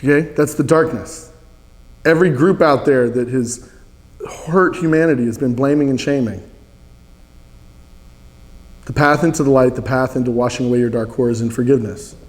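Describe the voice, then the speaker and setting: A man's voice: medium pitch, fairly even intonation, moderate pace, pauses often, long reverb tail. A man teaching a spiritual practice, earnest, leading listeners in repeated chants.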